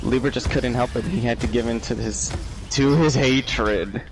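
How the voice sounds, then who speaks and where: A man chatting on a podcast while gaming, blunt, profane and excitable. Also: medium pitch, moderate pace, noisy background. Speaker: podcast co-host.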